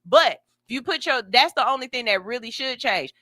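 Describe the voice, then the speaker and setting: A woman hosting a morning radio show, telling stories in an animated, candid and slangy way. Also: a little high, brisk, no room sound, studio quality. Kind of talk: casual morning radio talk. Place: radio studio.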